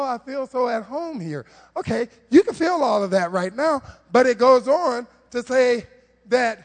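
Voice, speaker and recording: Animated high-voiced man preaching in a hall. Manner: animated, humorous, rhetorical questions. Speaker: preacher on the worship team. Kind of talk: conversational sermon. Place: church sanctuary. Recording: long reverb of a church hall.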